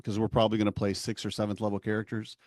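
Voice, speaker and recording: A man co-hosting a podcast who runs tabletop games, talking in a relaxed, rambling and self-deprecating way. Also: fairly low pitch, rapid-fire, no room sound, clean studio sound. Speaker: podcast co-host and game master. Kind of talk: casual podcast chat.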